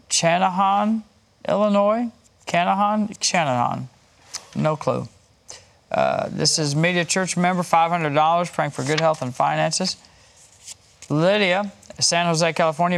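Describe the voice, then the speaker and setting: A man's voice: a little high, vocal fry. A man hosting a Christian broadcast, reading donors' names, places and prayer requests with light chuckles. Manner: warm, chuckling, reads names and places in a list. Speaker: host reading donations.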